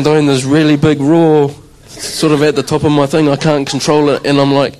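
A man's voice: on the high side, normal speed, few pauses, slight background noise, rough recording. A man, a church drummer, telling a conversational testimony to a congregation and acting out his own reactions. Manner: conversational, animated storytelling with acted-out quotes.

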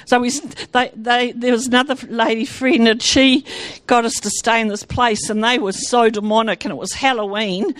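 A New Zealand woman shares her Christian testimony with a gathered audience, her fairly high voice moving at a moderate pace. She's animated, often breaking off sentences and starting over, and the recording is close and dry with no echo.

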